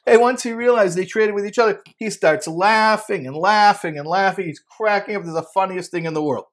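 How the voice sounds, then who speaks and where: A man giving a Torah sermon built around a told parable, animated, often stammering and repeating words. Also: sits high, fairly quick, few pauses. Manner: laughs while telling. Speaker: Torah teacher.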